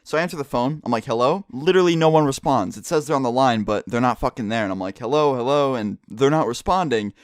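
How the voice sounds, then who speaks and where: A young man telling a casual storytime vlog story, animated and profane, acting out the quotes. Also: mid-range voice, fast, hardly any pauses, no room sound, clean studio sound. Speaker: vlogger.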